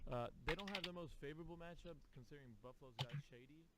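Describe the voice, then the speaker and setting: A man's voice: a little high, racing, sharp tone. A man co-hosting a podcast in casual sports banter, teasing and arguing his case with numbers. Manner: teasing, argumentative with stats. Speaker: podcast co-host.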